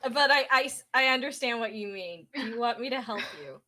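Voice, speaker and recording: Affectionate, helpful female friend, voiced by a woman, slightly high voice. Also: expressive, brisk, bright, forceful tone. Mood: fond. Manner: affectionate, reassuring.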